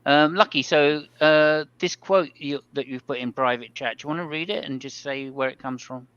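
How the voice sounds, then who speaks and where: A man's voice: a little high, moderate pace, a bit bright, clear, resonant tone, dry recording, highs cut off. A man hosting a casual motor-racing podcast chat, rambling along with plenty of fillers. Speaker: podcast host. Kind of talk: casual race commentary chat.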